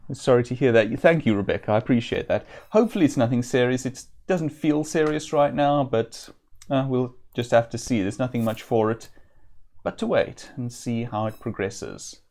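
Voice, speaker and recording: Chatty man streaming a game. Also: mid-range voice. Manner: chatty, reads game text aloud, thinks out loud. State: slightly ill, occasional throat clearing. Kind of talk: casual let's-play commentary.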